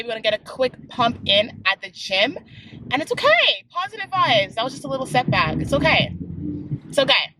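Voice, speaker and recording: A young woman from Canada, chatting casually to the camera as a fitness vlogger, expressive and given to dramatic complaints. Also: a little high, a little hiss or hum. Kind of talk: casual vlog chat.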